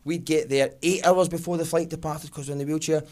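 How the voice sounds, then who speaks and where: A Glaswegian man doing stand-up comedy, his voice sitting a touch on the high side. He tells the story in an animated rush. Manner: animated, fast-paced storytelling.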